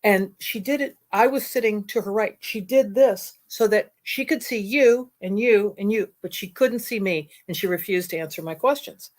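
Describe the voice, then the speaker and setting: A woman hosting a casual conversation, telling a story in a blunt, exasperated, animated way. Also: medium pitch, moderate pace, few pauses.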